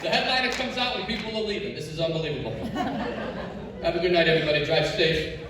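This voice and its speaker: A man headlining a comedy show in a high school auditorium, telling rambling, self-mocking stories. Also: quick pace, background noise. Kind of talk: stand-up set. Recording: echoey auditorium from far off, loud crowd.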